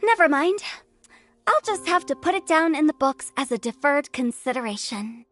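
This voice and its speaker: A teasing funeral director. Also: female voice, sits high, lively intonation, normal speed, fairly bright tone. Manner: teasing, theatrical sighs. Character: playful, teasing young woman, funeral parlor director. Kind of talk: game voice acting.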